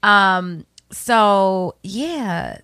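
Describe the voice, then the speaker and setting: Bright, laid-back woman podcast host. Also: medium pitch, animated, drawn-out words, smooth, no echo. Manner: laid-back, laughing, many fillers. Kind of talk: casual chat.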